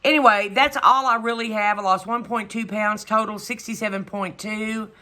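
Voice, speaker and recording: A woman's voice: medium pitch, fairly even intonation, moderate pace, sharp tone. A middle-aged woman chatting casually in her home vlog, exasperated and rambling, trailing off with "whatever". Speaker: vlogger. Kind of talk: casual chat.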